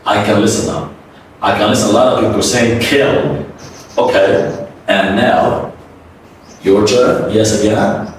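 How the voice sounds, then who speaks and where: A man teaching English pronunciation, drilling words by repeating them over and over in an animated, coaxing way. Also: lowish voice, unhurried, long pauses, a little hiss or hum. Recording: echoey room, voice from a distance.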